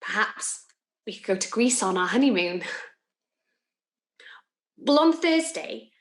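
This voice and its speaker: A woman's voice: mid-range voice, expressive, slow. An actress playing a lovestruck young office woman who chats and giggles through her confession, recorded in an echoey room. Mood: confiding. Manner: chatty, confiding, giggly asides. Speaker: actor in a monologue. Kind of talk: theatrical monologue.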